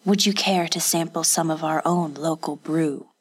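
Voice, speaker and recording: A woman voicing a scheming male feudal lord in a hushed, muttered whispered role-play. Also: deep voice, fairly even intonation, normal speed, breathy edge. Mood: cordial.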